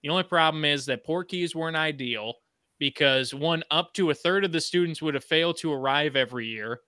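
A man with a bright, slightly high voice riffs and jokes in animated casual chat, often tossing in "you know". His voice is sharp and forward, and the recording is dry and close with no room echo. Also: brisk, clear, resonant tone. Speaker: podcast host.

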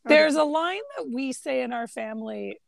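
A woman's voice: high-pitched, normal speed, creaky, dry recording. A woman co-hosting a casual film chat, retelling scenes and acting out the lines. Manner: animated, acts out quoted lines. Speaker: podcast co-host.

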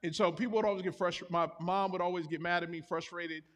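A man's voice: sits high, steady tone, fast, a bit bright. A man preaching a sermon as pastor, in a conversational, confessional storytelling manner with self-deprecating humor. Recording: reverberant hall.

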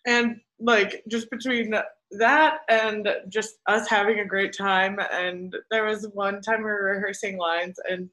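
Bright-voiced, animated woman co-host. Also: mid-range voice, unhurried, hardly any pauses, poor audio. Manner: animated storyteller, fond of acting out voices. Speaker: podcast co-host. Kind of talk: casual chat.

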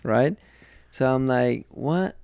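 Gravelly man telling a rambling story. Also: mid-range voice, steady tone, unhurried, mellow, dry recording. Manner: rambling, circling retelling with many restarts. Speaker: podcast co-host. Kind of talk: casual storytelling chat. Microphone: studio podcast microphone.

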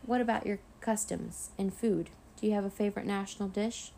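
A woman's voice: medium pitch, steady tone, brisk, vocal fry, dark tone, a little hiss or hum, close to an everyday voice. A woman voicing a prim female schoolteacher in a storybook read-aloud, polite but with an impatient edge.

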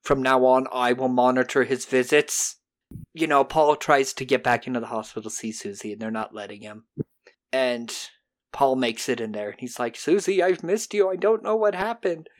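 Mid-range in pitch, this laid-back podcast host recaps events with real energy. He tosses in rapid impersonations as he goes and doesn't hold back on profanity.

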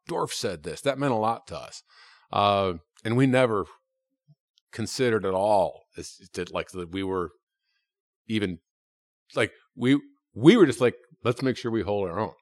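A middle-aged man reminiscing in casual chat, his lowish voice stumbling through restarts and casual swearing. He sounds like a fellow improviser talking shop. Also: no room sound, studio quality. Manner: halting, full of restarts and profanity.

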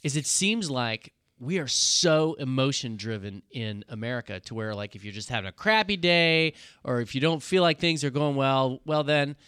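A man's voice: medium pitch, expressive, normal speed, hardly any pauses, sharp tone, clean tone, no echo, studio quality. A man co-hosting a podcast, steering the casual chat with questions. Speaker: podcast co-host.

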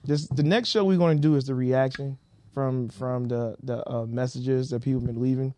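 A man co-hosting a podcast in casual chat, animated and prone to repeating himself. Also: medium pitch, normal speed, no room sound. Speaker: podcast co-host.

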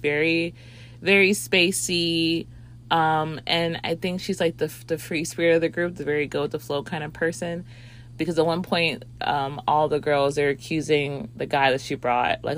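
A woman reviewing a movie in a rambling casual chat, with lots of fillers and swearing. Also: low-pitched.

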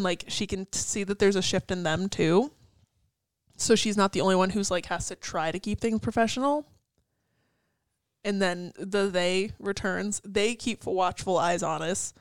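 A woman's voice: medium pitch, dry recording. A young woman co-hosting a casual chat, picking apart song lyrics in a chatty way full of "like" and the odd swear. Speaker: co-host.

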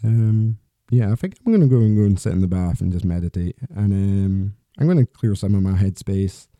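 Man, podcast host, solo monologue, very mellow dark voice, rambling and candid. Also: deep voice, a little fast, no echo. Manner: rambling, candid, with frequent restarts and swearing.

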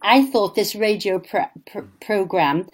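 A woman, a pronunciation teacher, chatting in a radio interview and explaining clearly. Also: mid-range voice, a little slow.

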